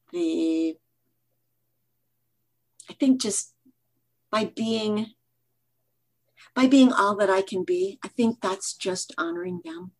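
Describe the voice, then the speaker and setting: An older woman from Michigan, a podcast guest, answering thoughtfully with pauses and fillers. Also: medium pitch. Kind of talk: reflective podcast interview.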